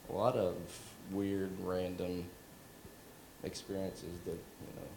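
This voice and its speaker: A man, a filmmaker at a premiere Q&A, telling a story in a halting, rambling way with frequent chuckles. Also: deep voice, flat delivery, reverberant, background noise. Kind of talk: casual storytelling on a panel. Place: venue at a film premiere.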